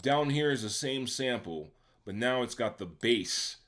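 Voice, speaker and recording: A man's voice: mid-range voice, expressive, measured pace, fairly bright tone. A man producer explaining how he built a beat, in a casual step-by-step tutorial that keeps checking in with the listener. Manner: conversational, checks in with the viewer by asking "right?". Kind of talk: casual software tutorial walkthrough.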